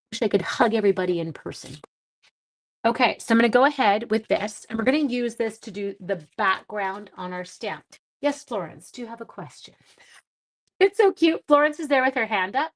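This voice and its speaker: A woman hosting a casual livestream craft demonstration, chatty and bubbly as she greets viewers by name. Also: medium pitch. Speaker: stamping craft demonstrator and host.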